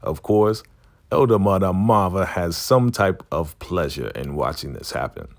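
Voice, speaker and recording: Man, deep voice, gravelly, casual TV recap, animated. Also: unhurried. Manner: animated retelling, acts out quotes, laughs often. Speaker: TV recap vlogger.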